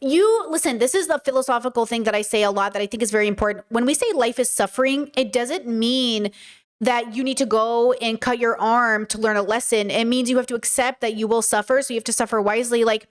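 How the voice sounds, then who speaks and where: A woman's voice: on the high side, a little fast. A woman giving reaction commentary, chatty and direct as she lectures her viewers. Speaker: commentary vlogger.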